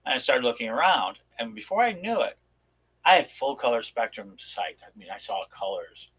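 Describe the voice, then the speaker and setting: A man on a talk show telling a long personal story in a rambling, animated way, with many restarts. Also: medium pitch, normal speed, husky, rough recording. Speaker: podcast co-host. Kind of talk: casual storytelling chat.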